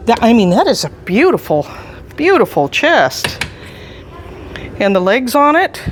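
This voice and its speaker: An enthusiastic staff member gives a casual walking tour of a big indoor antiques mall and chuckles often between remarks. The voice sits in a middle pitch range. A faint hum of ambience runs behind it, picked up by a handheld camera on the move.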